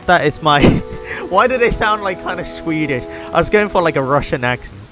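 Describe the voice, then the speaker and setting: A man streaming a game live, chatting casually and laughing at his own attempts. His pitch moves in lively swings. Faint music plays behind him. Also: normal speed, low-quality recording. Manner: laughing, self-deprecating. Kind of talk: live gameplay commentary.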